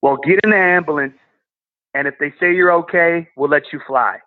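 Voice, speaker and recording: A man voicing a gruff, stern male police officer who barks short orders. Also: on the high side, normal speed, no room sound, voice pushed up, close to an everyday voice. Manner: curt barked orders. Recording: tinny phone-like line.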